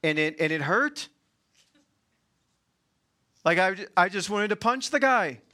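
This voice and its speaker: A male preacher with a bright, forceful voice, delivering a sermon in plain, folksy talk. He climbs high and loud to hammer a point, then drops into soft, low asides. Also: takes it slowly. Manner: animated, swings from loud emphatic preaching to quiet asides; colloquial, folksy phrasing.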